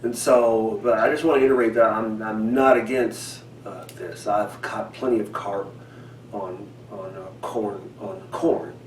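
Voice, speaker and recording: A man talks through a casual fishing how-to at home, rambling and halting with plenty of ums and restarts. His somewhat low voice sits away from the mic in a roomy, echoey space. A faint hiss runs underneath. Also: fairly even intonation, distant mic. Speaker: fishing channel host. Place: home indoors.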